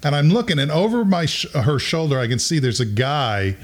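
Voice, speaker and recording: A middle-aged man telling a story in casual conversation, lively and chuckling, often acting out what other people said. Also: fairly high pitch, fairly quick. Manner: animated, acts out quoted voices, chuckles while telling.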